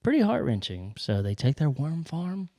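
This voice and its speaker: A man co-hosting a casual podcast, telling stories in an animated way and acting out quoted movie lines. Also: fairly high pitch, normal speed. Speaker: podcast co-host.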